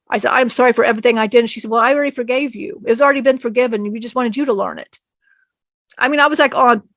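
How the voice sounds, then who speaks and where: Woman channeling a spirit, high-ish voice, halting, emotional retelling. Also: fairly bright tone, no echo.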